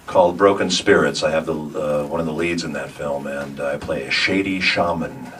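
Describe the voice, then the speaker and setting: A man's voice: rumbling low, normal speed, fairly bright tone, breathy edge. A man, a voice actor on a convention panel, telling rambling stories to a live audience and chuckling often between restarts. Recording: distant mic, noisy room.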